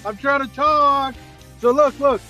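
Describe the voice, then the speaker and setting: A man's voice: very high voice, a little slow, sharp tone, faint music behind. A man on a heated livestream discussion, insistent and pushing to get his question in. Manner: insistent, keeps trying to cut in.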